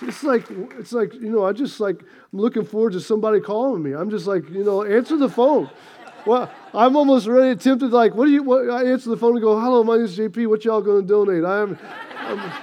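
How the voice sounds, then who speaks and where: A pastor giving a sermon in church, telling stories with humor and getting the congregation to respond. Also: male voice, high-pitched. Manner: storytelling, lively and joking, asks the congregation to respond. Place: church sanctuary.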